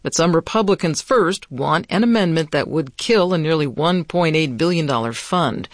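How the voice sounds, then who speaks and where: A man reading the national news in a steady, measured way as the newscaster. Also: fairly high pitch, no room sound, clean studio sound. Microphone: studio mic.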